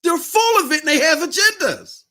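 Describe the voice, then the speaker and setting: In a very high, bright voice with lively intonation, a male podcast host rants on a live stream at a moderate pace. He addresses his viewers directly, keeps working himself up, often breaks into yelling, and stays sharp and forceful throughout.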